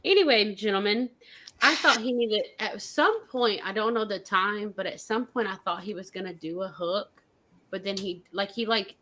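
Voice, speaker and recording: Female co-host, bright voice, teasing casual critic. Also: medium pitch, moderate pace. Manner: teasing, unsure phrasing. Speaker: co-host of a music review show. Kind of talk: casual review chat.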